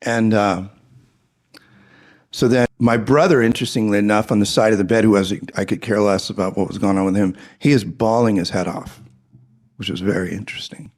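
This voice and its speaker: Husky low-voiced man telling his story. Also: fairly even intonation, brisk. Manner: earnest, drops into hushed tones for emotional moments. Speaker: speaker giving a personal testimony. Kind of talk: personal storytelling.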